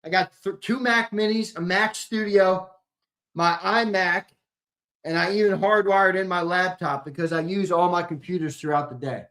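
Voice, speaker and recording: A man whose voice sits high, at a normal speed, hosts a sports talk show in a casual livestream with viewers. Profane and excitable, he rants with abrupt loud bursts, cracks jokes, and laughs while reacting to comments.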